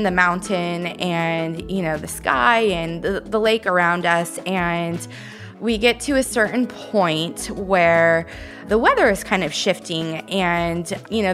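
A woman's voice: mid-range voice, a bit bright. A young woman from Northern California, a radio host, tells a personal story on air and gets choked up as she talks.

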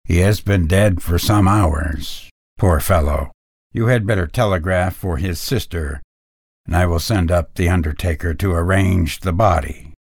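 A blunt country doctor, as a man reading a story puts him on, speaks low and clinically. His tone is matter-of-fact and close to the mic, with a dry sound. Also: a little slow, dry recording.

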